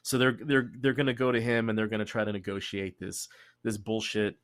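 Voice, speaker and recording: A man's voice: lowish voice, brisk, no echo, clean studio sound. Profane Texan man telling history. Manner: profane, laughing, animated storytelling. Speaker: podcast host. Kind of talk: casual history chat.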